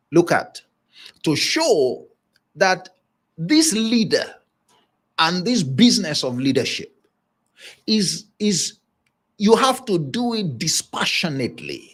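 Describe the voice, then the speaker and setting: With a high-pitched, slightly bright voice, a leadership speaker delivers a motivational talk. He preaches emphatically, hammering points home by repeating phrases and chuckling every so often.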